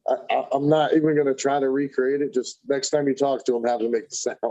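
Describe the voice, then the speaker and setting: A man's voice: medium pitch, level tone, quick pace, mellow. A man laughing and swearing in casual podcast banter. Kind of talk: casual chat. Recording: dull lo-fi audio.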